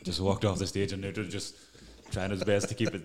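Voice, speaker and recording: A man's voice: low voice, little pitch movement, fairly quick, a little hiss or hum. A young man with a Northern Irish accent, a podcast guest trading dry, mocking banter in casual chat.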